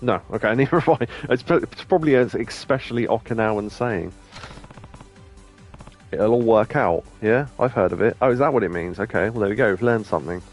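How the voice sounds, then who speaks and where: A man with a lowish voice hosts a casual let's-play session, joking with a friend and reading the game's lines aloud. He laughs easily and keeps up a loose, playful chatter. Faint game music plays underneath. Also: fast talker, few pauses. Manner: chatty, jokey, reads game text aloud, laughs often. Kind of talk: casual gameplay commentary.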